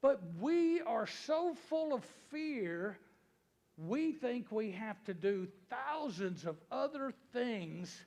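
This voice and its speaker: A man telling a story to a live audience at an investing seminar, animated and acting out the dialogue. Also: sits high, vocal fry. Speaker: real estate investing seminar speaker.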